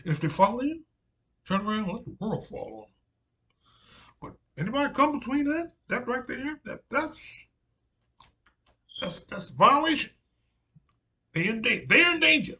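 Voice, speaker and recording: A man voicing an old Southern preacher with a Southern US accent, giving stern, repetitive advice loudly. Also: very high voice, big pitch swings, moderate pace, pauses often, voice pushed up, heavily acted. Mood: emphatic warning. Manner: loud, emphatic, repetitive.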